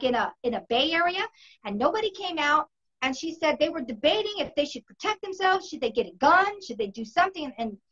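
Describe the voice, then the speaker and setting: Bright, high-voiced woman telling a story. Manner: vivid, emphatic retelling. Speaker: host. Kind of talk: casual storytelling in a conversation. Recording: dull lo-fi recording.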